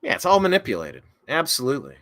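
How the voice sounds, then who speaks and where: A man's voice: a little high, huge pitch swings, fast, a bit bright. A man hosting a political talk show, reading viewer comments aloud and rambling through casual commentary with sarcastic, self-correcting asides.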